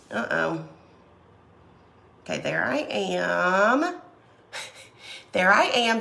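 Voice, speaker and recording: Hoarse woman hosting a craft stream. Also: medium pitch, sharp tone. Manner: chatty, greets viewers by name. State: hoarse from a cold. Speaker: craft livestream host. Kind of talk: casual live craft stream.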